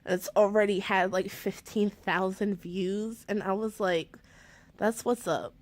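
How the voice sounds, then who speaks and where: A woman making a casual vlog while crying, teary and worked up, swinging between shrill outbursts and quiet lines. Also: fairly even intonation, unhurried. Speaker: book vlogger.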